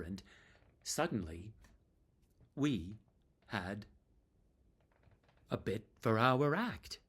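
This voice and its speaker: A man telling a tribute story about a fellow performer, with slow pauses. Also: fairly low pitch, very animated, fairly bright tone, slightly rough.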